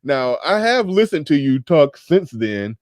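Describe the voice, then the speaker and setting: A man's voice: fairly high pitch, sing-song, a little slow, a little mellow, no echo. A man hosting a casual livestream chat, rambling and often restarting his sentences, into a studio mic with a pop filter. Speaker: host.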